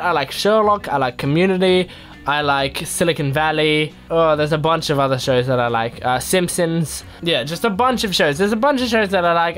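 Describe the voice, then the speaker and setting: A man's voice: a little high, a bit bright. A young man answering fan questions in a casual, rambling, playful way. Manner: rambling, playful, self-mocking. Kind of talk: casual Q&A chat.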